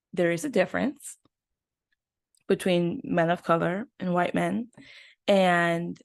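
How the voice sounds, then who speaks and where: A young woman hosts her own podcast, talking through a story in a loose, animated way, full of fillers and quick asides. Her voice sits a little low, and the recording is close and dry, with no room sound. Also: dry recording. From United States. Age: 20s. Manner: animated, chatty storytelling with many fillers and laughs. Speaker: podcast host. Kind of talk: casual chat.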